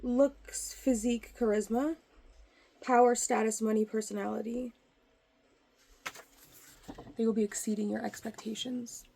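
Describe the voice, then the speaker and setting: A woman's voice: fairly high pitch, fairly even intonation, measured pace, vocal fry, pauses often, dark tone, a little hiss or hum. Woman giving a rambling tarot reading. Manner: rambling, hesitant explaining with many restarts. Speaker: tarot reader. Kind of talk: casual tarot reading to camera.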